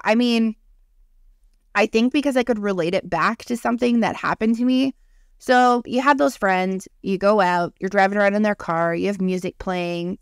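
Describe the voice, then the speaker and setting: A woman's voice: medium pitch, gravelly, clear, resonant tone, dry recording, clean studio sound. A woman in her thirties, a podcast co-host, telling a creepy personal story in casual chat, swearing freely and acting out what people said. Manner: animated storytelling, swears freely, acts out quotes.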